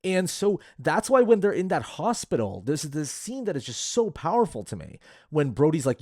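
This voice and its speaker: A man's voice: a little high, normal speed, no room sound, studio quality. A man co-hosting a casual movie podcast, rambling with lots of fillers. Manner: animated, rambling with many fillers. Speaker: podcast co-host.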